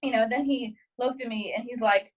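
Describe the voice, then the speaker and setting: A young adult woman, a guest comedian, tells a story in a casual podcast chat, speaking at normal speed in a slightly high voice. She's animated, swears freely and acts out quotes; the recording quality is low.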